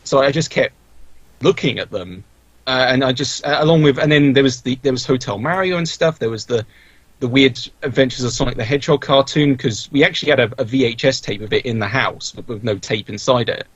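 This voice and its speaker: A young man talks on a podcast in a husky, slightly breathy voice, wandering through his memories with restarts and fillers. His recording sounds dull and lo-fi, very dry with no room around it. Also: mid-range voice, brisk, a bit bright, no echo. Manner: rambling, many restarts and fillers. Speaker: podcast guest, video creator. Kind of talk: casual podcast interview.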